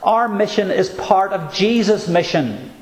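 A man's voice: high voice, expressive. Emphatic male preacher in an echoey room. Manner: earnest, emphatic, repeats key phrases slowly. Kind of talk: sermon.

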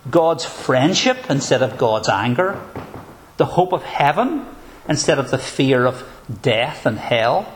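Slow, earnest male preacher. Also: medium pitch. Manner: measured, earnest, with probing rhetorical questions. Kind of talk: sermon.

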